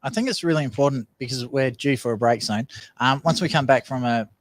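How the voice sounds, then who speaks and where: A man's voice: medium pitch, fairly quick, dry recording. A man co-hosting a casual radio chat, earnest and emphatic. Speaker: radio co-host.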